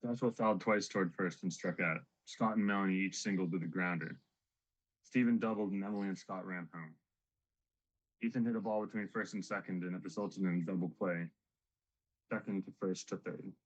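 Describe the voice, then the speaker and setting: A man's voice: low voice, steady tone, a little fast, muffled recording. A man playing a log keeper, reciting a kids' ball game play by play in a matter-of-fact monologue. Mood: deadpan. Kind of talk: stage monologue.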